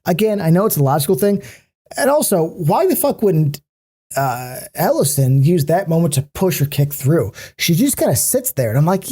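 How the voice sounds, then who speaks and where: A man's voice: fairly high pitch, sing-song, warm tone, breathy edge. A man co-hosting a podcast in casual chat, critical and ranting, swearing freely and restarting his sentences often. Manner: halting, many restarts. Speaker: podcast co-host.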